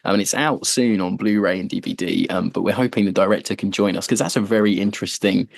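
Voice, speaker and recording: A man's voice: low-pitched, fast talker, gravelly, dry recording. A man hosting a podcast, chatting casually and joking, with lots of fillers. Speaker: podcast host. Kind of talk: casual chat.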